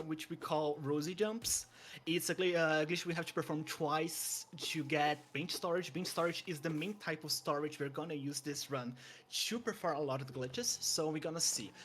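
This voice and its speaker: A man's voice: fairly high pitch, normal speed, fairly bright tone, slight background noise. Eager young man calling a speedrun. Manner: eager, stumbling restarts, chuckles. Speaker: speedrun commentator. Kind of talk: live game commentary.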